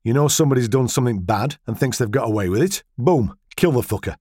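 A cheeky English husband, blunt and sarcastic, always half teasing, as the narrator voices him. The tone swings widely in pitch and is recorded dry and close. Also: male voice, expressive, fast, darkish tone, no room sound, lightly acted.

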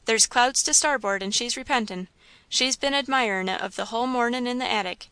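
A woman's voice: on the high side, a little fast, pushed and bright, clear, resonant tone, no room sound. A woman voicing a meek, sly old rustic man who talks in a drawling rural dialect with dropped word endings. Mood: confiding.

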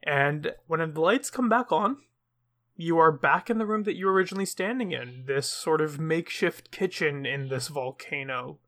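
Bright-voiced male game master. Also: a little high, normal speed. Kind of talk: narrating a tabletop game.

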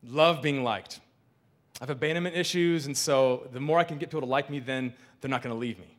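A man in his thirties giving a candid personal talk to an audience, animated and full of restarts. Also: medium pitch, brisk.

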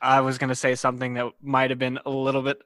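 A man's voice: medium pitch, monotone, fast talker, fairly bright tone, no echo. A man chatting as a podcast guest, joking with dry humor, laughing and swearing. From from a very hot region of the US. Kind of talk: casual podcast chat.

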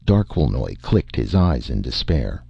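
A man reading a science fiction story aloud in a measured, expressive way. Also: extremely low pitch, gravelly, slightly rough, no echo, highs cut off. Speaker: narrator.

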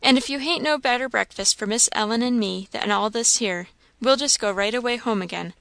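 A woman voicing a gruff, plain-spoken country farmhand man with rustic, drawling speech. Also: a little high, brisk, fairly bright tone, no room sound. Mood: firm.

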